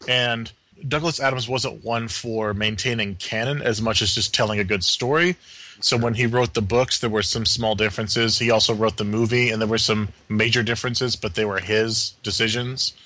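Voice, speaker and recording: A man's voice: fairly low pitch, fairly even intonation, moderate pace, sharp tone, no room sound. A man hosting a podcast, laying out the topics in casual talk. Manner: lays out topics, teasing. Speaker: podcast host. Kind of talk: casual group chat.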